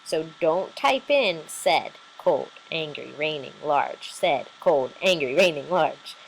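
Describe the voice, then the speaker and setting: Slow, patient woman teacher. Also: deep voice, expressive, gravelly, slight background noise, poor audio. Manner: patient, explaining step by step with fillers. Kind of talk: recorded remote lesson.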